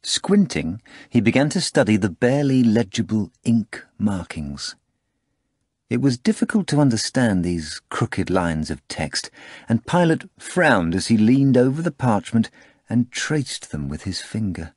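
Male audiobook narrator, measured delivery, very deep voice, dry close sound. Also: big pitch swings, a little mellow, breathy edge, no room sound. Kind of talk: scripted narration.

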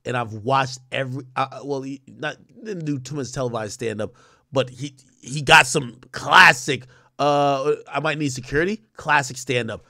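A man's voice: medium pitch, moderate pace, pushed and bright, no echo, clean studio sound. A man hosting a stream, giving blunt, profane reaction commentary. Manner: blunt, profane, chuckling asides. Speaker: streamer host.

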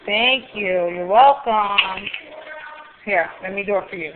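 A woman's voice: mid-range voice, expressive, measured pace. A woman talking to a small child in coaxing, sing-song baby talk, filmed as a home video. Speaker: parent filming a toddler. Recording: tinny lo-fi home video with noise.

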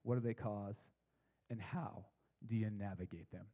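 A man preaching a sermon to a young adult congregation in a church, chatty and conversational, repeating key phrases slowly for emphasis. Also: fairly low pitch, fairly even intonation, mellow, big-room sound, low-quality recording. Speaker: pastor. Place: church service with a live audience.

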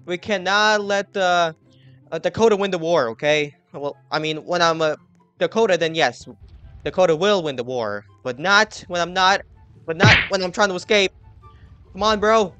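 A man giving live gameplay commentary, excitably yelling at his teammates and swinging from muttering to shouting. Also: sits high, fairly quick, dry recording, soft background music. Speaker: gaming channel host.

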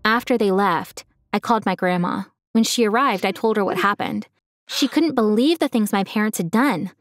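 A woman's voice: mid-range voice, normal speed, no echo, clean studio sound. A woman giving an earnest, emotional first-person story narration.

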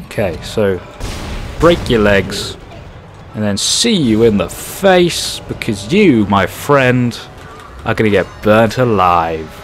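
A man doing excitable, jokey let's play commentary over a horror game, swearing often. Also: fairly low pitch, slow, faint music behind. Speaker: gaming commentator.

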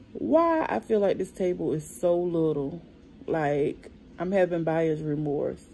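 A woman's voice: low voice, creaky, mellow, a little hiss or hum. A woman, chatting casually to her viewers in a family vlog, using slang. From South Carolina. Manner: chatty, talks straight to viewers with Southern slang. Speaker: family vlogger. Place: at home, then a restaurant.

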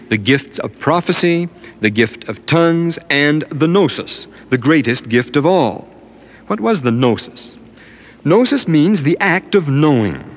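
Scholarly man giving a 1950s radio lecture. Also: mid-range voice. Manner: scholarly, emphatic, quotes scripture at length.

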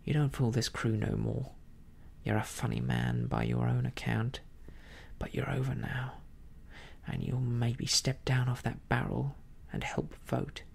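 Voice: mid-range voice, animated, a little slow, creaky, breathy edge, full character voice. A storyteller voicing a resentful, mutinous male pirate in a blunt, accusing whispered role-play. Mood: defiant.

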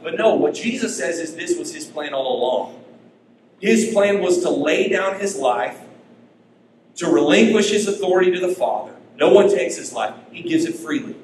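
A man preaching a sermon as pastor, emphatic, with his pitch rising and falling. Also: expressive, normal speed, darkish tone, a little hiss or hum. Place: church sanctuary. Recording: echoey church hall.

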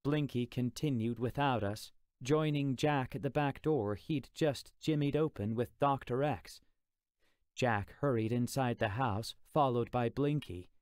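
Slow, steady male audiobook narrator. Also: medium pitch, clear, resonant tone, no echo, clean studio sound. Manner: steady, measured storytelling. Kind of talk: scripted narration.

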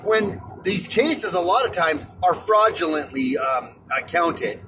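A man's voice: high voice, animated, a little slow, music in the background, rough recording. A man vlogging from a car, ranting in a heated, sarcastic, profane way. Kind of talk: angry ranting monologue. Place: in a car while driving. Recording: vehicle road noise behind.

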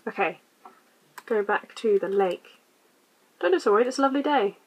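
A woman hosting a casual let's-play, quietly reading game text aloud and muttering her choices. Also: medium pitch, expressive, moderate pace, highs cut off, background noise. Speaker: gaming channel host.

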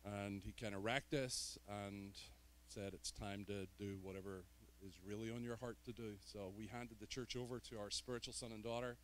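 A man's voice: fairly low pitch, steady tone, normal speed, a little hiss or hum. A man from Northern Ireland with a Northern Irish accent, a guest preacher opening his sermon with joking, self-deprecating asides in a church. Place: church sanctuary.

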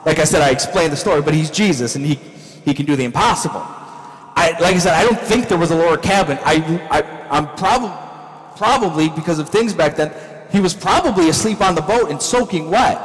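A male pastor preaching a sermon in a church, with animated storytelling that acts out scenes. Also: on the high side, brisk, long reverb tail, poor audio.

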